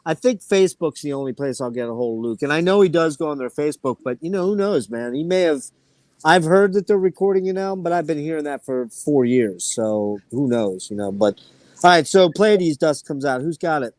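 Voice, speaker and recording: Male host, lively storyteller, slightly high pitch, dry close-miked sound. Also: brisk, no room sound. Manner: animated storytelling, swears freely. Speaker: podcast host. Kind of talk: casual chat.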